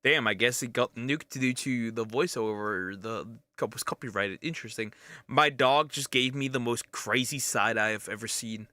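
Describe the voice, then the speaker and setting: A man's voice: medium pitch, normal speed, pushed and bright, no room sound. A man hosting a reaction stream, tossing out amused, laughing comments on clips. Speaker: vtuber host reacting to clips.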